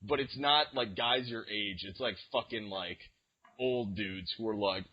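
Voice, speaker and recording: An unhurried young man with a lowish voice co-hosts a podcast, rambling through casual stories full of fillers and restarts. Some hiss or hum sits in the dull lo-fi recording.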